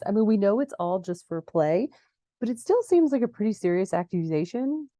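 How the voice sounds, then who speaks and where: Chatty woman with a mellow, dry voice. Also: expressive, normal speed, no room sound. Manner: chatty, acts out quoted lines in a higher voice. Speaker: podcast host recapping a TV episode. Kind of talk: casual recap narration.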